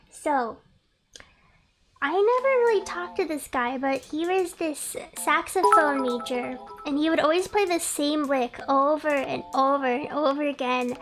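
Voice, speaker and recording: Young woman streamer, high voice, rambly chatty storytelling to chat, music going behind her. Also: measured pace. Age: young adult. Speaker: VTuber streamer. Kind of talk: casual livestream storytelling.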